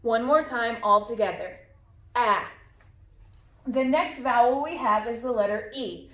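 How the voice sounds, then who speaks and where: A woman teacher leading a phonics lesson for young children, modeling sounds slowly and clearly with lots of repetition. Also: on the high side, a bit bright. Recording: echoey room.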